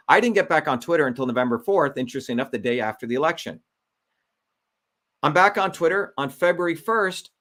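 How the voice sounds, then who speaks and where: A man's voice: fairly high pitch, a bit bright. Indignant man speaking emphatically. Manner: indignant, emphatic, repeats key points. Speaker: Senate candidate. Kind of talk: impassioned political monologue.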